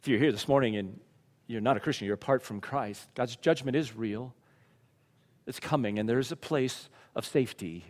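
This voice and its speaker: Fervent male preacher in a reverberant hall. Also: on the low side. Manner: preaching, from quiet and reflective to loud and fervent. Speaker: pastor. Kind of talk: sermon. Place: church.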